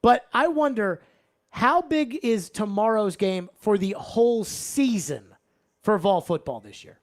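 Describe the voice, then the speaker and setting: Male sports radio host, lively and punchy, mid-range voice. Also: high-pitched. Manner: energetic, shifts from loud openings to quick asides.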